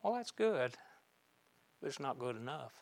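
A man preaching a sermon, swinging from loud emphatic bursts down to quiet, measured lines. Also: medium pitch, sing-song, creaky.

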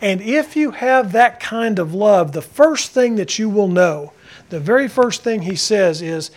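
A man's voice: sits high, animated, a little slow. A male pastor preaching a sermon, emphatic and repetitive, putting direct questions to the congregation. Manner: emphatic, repeating key phrases, asks the congregation questions.

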